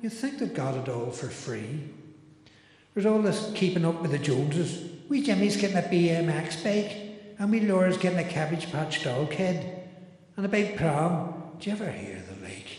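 Brief: man putting on a harried mum reciting a moaning Christmas poem, slightly high, in a big echoey hall with music behind. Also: expressive, moderate pace, darkish tone, close to an everyday voice. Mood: grumbling. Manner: rhyming, complaining, nostalgic recitation. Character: harried middle-aged mother grumbling about Christmas. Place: church hall.

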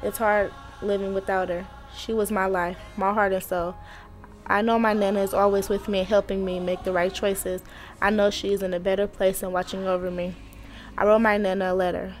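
A teenage girl reading her own personal story aloud in a steady, earnest way. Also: medium pitch, a little fast, faint music behind. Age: teens. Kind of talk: read personal narration.

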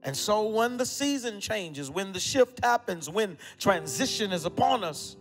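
A man preaching a sermon as pastor, emphatic, repeating phrases and dropping suddenly to a hush. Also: high voice, animated, a little slow, long reverb tail, soft background music. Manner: emphatic preaching with repetition and sudden drops to quiet.

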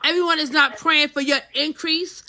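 Middle-aged woman co-host, high bright voice, emphatic and preachy in casual faith talk. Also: fairly even intonation, moderate pace, low-quality recording. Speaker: podcast co-host.

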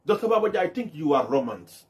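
A young man ranting in a monologue. He swings from loud shouts down to hushed muttering and switches languages as he goes. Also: a little high, very animated, quick pace. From Gambia. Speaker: online commentator.

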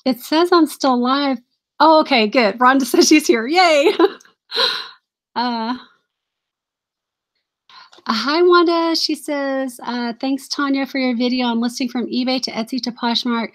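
A woman in her thirties or forties hosting a casual live stream as a reseller, chatty and apologetic, laughing often and reading out viewer comments. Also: fairly high pitch. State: briefly out of breath.

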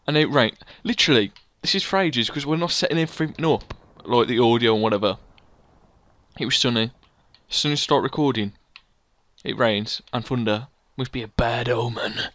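A man's voice: mid-range voice, a little fast, dry recording. A young man hosting a casual let's play, joking around and saying "literally" a lot. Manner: jokey, excitable, says "literally" a lot. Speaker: gaming channel host.

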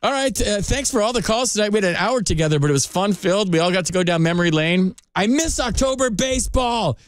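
A man's voice: high voice, clear, resonant tone, dry recording. Chatty male radio sports host. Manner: loose, chatty, quick restarts. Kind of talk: casual radio chat. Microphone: studio microphone. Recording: studio radio broadcast.

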